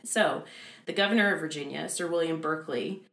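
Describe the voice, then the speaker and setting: A woman with a low voice recounts history in a relaxed, chatty way, dropping sarcastic asides and laughing often. The room around her is echoey. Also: fairly quick, gravelly. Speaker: podcast co-host telling history. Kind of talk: casual chat.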